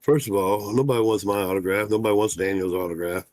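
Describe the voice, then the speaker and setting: A man's voice: on the low side, quick pace, darkish tone, dry recording. A man hosting a casual livestream talk show as a fishing guide, folksy and rambling, with lots of "uh" fillers.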